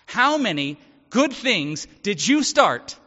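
A man with a high-sitting, pushed and bright voice speaks slowly and very animatedly. Preaching a sermon in church, he talks conversationally and acts out the voices of people in his stories, recorded in an echoey hall with dull audio.

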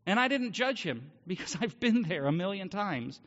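Male pastor, very high and bright voice, earnest emphatic sermon, muffled recording in a reverberant church hall. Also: very animated, moderate pace. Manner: earnest, emphatic preaching with rhetorical questions.

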